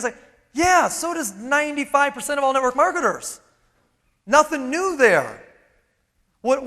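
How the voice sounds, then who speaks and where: A man giving a live motivational keynote on stage, energetic and emphatic, throwing out rhetorical questions. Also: extremely high pitch. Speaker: motivational speaker. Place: large event hall on stage. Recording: long reverb of a large hall.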